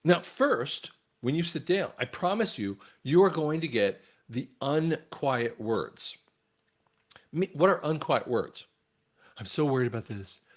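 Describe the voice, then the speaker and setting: A man's voice: fairly high pitch, expressive, slow pace. A man talking straight to his viewers in an earnest monologue on faith, often repeating a word as he restarts. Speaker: online commentator.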